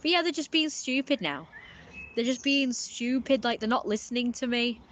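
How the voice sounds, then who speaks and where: A woman's voice: a little high, normal speed, fairly bright tone, slight background noise. A woman giving casual live-stream commentary, rambling and often repeating herself with filler words.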